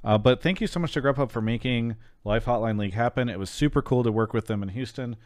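A man hosting a call-in show, chatting casually and reading a sponsor spot, often trailing off quietly at the ends of sentences. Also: mid-range voice, quick pace, dry recording, studio quality. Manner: relaxed, rambling, trails off quietly at line ends.

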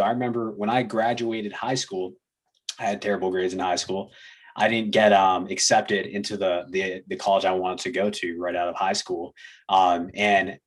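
A young man telling a casual story as a podcast guest, relaxed and full of fillers. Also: fairly low pitch, breathy edge. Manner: relaxed, many fillers, laughs between phrases. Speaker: podcast guest, fitness coaching business owner.

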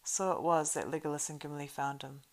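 A woman reading a storybook aloud in a steady narrating voice, with small stumbles now and then. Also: low voice, a little fast, rough recording. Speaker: reader.

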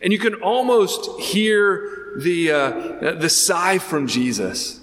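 A man preaching a sermon as pastor, earnest and animated, with frequent restarts and rhetorical questions. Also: high voice, slow pace, in a large hall, a little hiss or hum.

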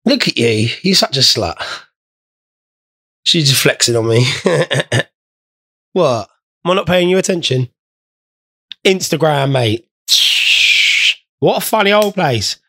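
A man's voice: on the high side, lively intonation, slow pace, long pauses, a bit bright. A young man hosting a casual podcast, rambling, swearing and joking while stoned. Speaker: podcast host.

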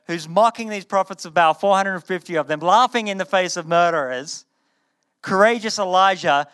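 A man preaching a sermon to a live audience, retelling a story in a conversational, animated way and often repeating his words. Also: high voice, normal speed, clear, resonant tone.

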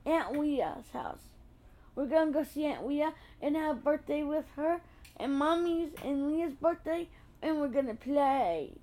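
A sweet little boy, put on by a woman, talking slowly and simply to his Mommy. The voice sits high and bright. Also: animated. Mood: cheerful.

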